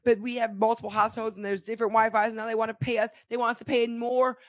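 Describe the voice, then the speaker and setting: A woman's voice: on the high side, level tone, fast, dry recording. A woman co-hosting a podcast in casual chat, ranting and swearing with mock outrage. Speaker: podcast co-host.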